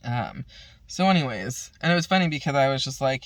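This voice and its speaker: A woman's voice: very deep voice, animated, fairly quick, no room sound. A woman vlogger telling a long casual story, swearing constantly, retelling conversations with "I'm like" and laughing at her own lines. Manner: profane, rambling, retells talks with "I'm like".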